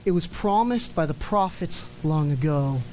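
A woman with a low, mellow, expressive voice delivers an emphatic sermon over a low-quality recording with a little hiss or hum. She draws out important words, and her phrases drop off as they close.

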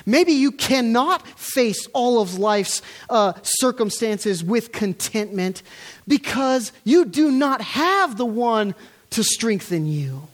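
A man's voice: extremely high pitch, very animated, takes it slowly. Guy preaching a sermon, voice swoops up and down a lot, earnest and emphatic. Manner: earnest, emphatic, with rhetorical questions. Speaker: pastor. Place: church.

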